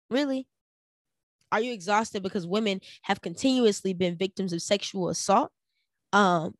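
A young adult woman hosting a solo podcast, giving animated opinion commentary with rhetorical questions aimed straight at her listeners. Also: fairly high pitch, dry recording, clean studio sound. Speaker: podcast host.

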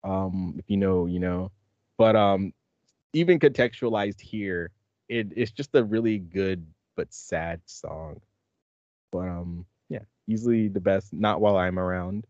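A man's voice: deep voice, measured pace, darkish tone, no echo, highs cut off. A man hosting a podcast in casual chat, rambling and laughing often as he talks. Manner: rambling, laughs often, acts out movie lines. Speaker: podcast host.

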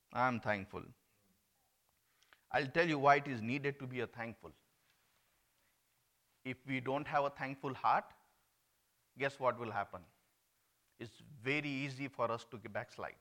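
A man from India, preaching an earnest sermon that swings between emphatic and hushed. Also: mid-range voice, unhurried, pauses often.

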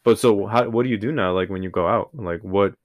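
Very deep-voiced laid-back young man. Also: a little fast, dry recording, highs cut off. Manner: laid-back, agreeable, asks questions. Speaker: podcast co-host. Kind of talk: casual chat.

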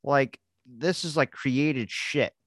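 A man's voice: mid-range voice, slow, fairly bright tone, no room sound, studio quality. A man hosting a podcast, rambling and joking crudely in casual chat. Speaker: podcast host.

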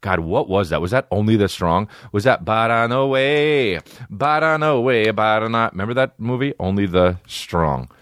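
A man's voice: fairly low pitch, moderate pace, few pauses, a bit bright, smooth, dry recording, studio quality. A man hosting a comedy podcast, rambling and swearing casually as he chats. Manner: rambling, profane, self-questioning.

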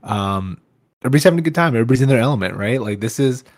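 A man co-hosting a casual podcast, talking quickly and agreeably about a reality show. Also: medium pitch, animated, no room sound, clean studio sound. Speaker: podcast co-host.

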